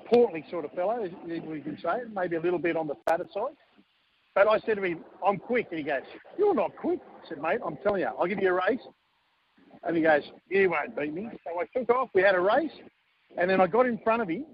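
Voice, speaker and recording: A former team manager appears as a guest on a radio show, casually telling jokey stories and acting out quotes. His voice sits high, and the dull audio carries a little hiss or hum.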